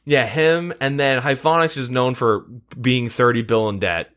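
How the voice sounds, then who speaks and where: A man's voice: mid-range voice, moderate pace, fairly bright tone, clean tone. A man hosting a podcast in casual chat, rambling with lots of fillers and casual swearing. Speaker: podcast host.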